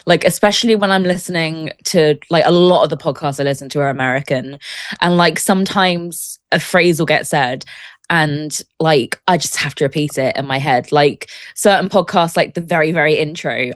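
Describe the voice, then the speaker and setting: English lady guesting on a podcast, kinda low voice, says like a lot. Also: normal speed, no room sound. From England. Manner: chatty, lots of filler "like". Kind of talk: casual chat.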